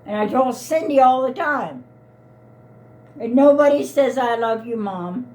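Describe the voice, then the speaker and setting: A woman in her 80s, a mother caught up in a heated family argument, pleads in an upset way and keeps repeating herself. Her voice is on the high side and mellow.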